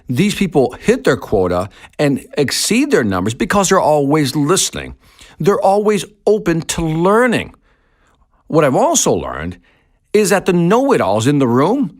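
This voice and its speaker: A man hosting a podcast, telling a sales story in an emphatic monologue and repeating his key points. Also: fairly high pitch. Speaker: sales trainer and podcast host.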